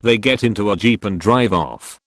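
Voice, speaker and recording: A man reading a string of short military jokes as scripted narration, in an even, measured storytelling delivery. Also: on the low side, dry recording, clean studio sound. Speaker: joke narrator.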